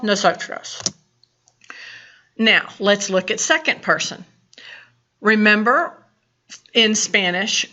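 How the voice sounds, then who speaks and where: Slow-talking Southern woman teaching Spanish. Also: medium pitch, pushed and bright, muffled recording. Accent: Southern American. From American South. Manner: patient, explains step by step with reminders. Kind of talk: recorded lecture.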